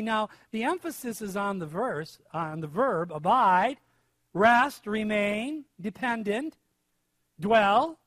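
Middle-aged man, high-pitched pastor, emphatic sermon delivery, dry close sound. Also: expressive, unhurried, no echo. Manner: emphatic, swings from hushed to loud stress. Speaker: preacher.

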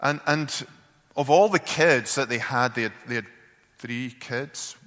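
Slow, bright-voiced male preacher. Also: medium pitch, long reverb tail. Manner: halting, repeats words, earnest. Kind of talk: sermon storytelling.

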